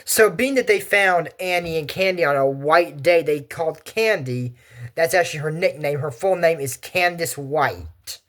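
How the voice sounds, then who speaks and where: Brief: young man, casual anime recap host, a bit high-voiced, drifts into side stories. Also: normal speed. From Texas. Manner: chatty, digressive, animated asides. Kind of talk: casual rambling commentary.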